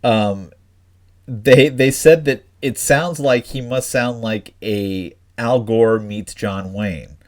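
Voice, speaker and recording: A man co-hosts a casual comics podcast in a mid-range voice at a slow pace. His chat rambles, packed with fillers and restarts.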